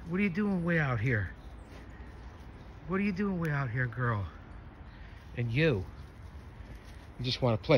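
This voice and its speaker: A man's voice: mid-range voice, lively intonation, a little slow, pauses often, slight background noise. A man who sits dogs, talking casually as he walks them through the woods and calls them to play fetch. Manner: coaxing, chatty, calls to dogs. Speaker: dog sitter. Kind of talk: casual vlog narration to dogs. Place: woods outdoors.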